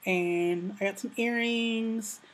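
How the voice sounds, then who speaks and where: A woman's voice: mid-range voice, steady tone, slow pace. An American woman, a young adult, chatting casually in a vlog and saying "like" and "you know" a lot. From United States. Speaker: vlogger.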